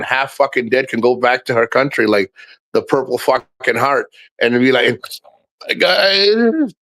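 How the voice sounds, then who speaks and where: A man's voice: medium pitch, a bit bright, dry recording. A man hosting a livestream, rambling in casual chat, swearing often and restarting his sentences. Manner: rambling, profane, halting restarts. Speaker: livestream host.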